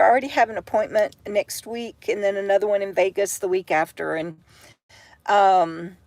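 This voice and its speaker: Lady on a livestream from bed, foggy and slow, lots of ums, dry close sound. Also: mid-range voice, gravelly, dry recording. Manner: halting, many fillers and restarts, reads viewer comments. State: tired, brain-foggy, talking slowly. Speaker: vlogger hosting a livestream. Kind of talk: rambling livestream chat. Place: in bed at home.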